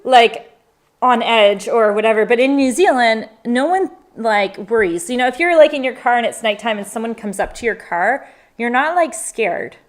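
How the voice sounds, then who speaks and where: A mother chatting on a live stream, telling stories with lively acted-out quotes. Her voice sits a little higher than most women's. She is in her forties and keeps the talk casual. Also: normal speed. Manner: animated storyteller, acts out quotes. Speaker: travel vlogger, mother.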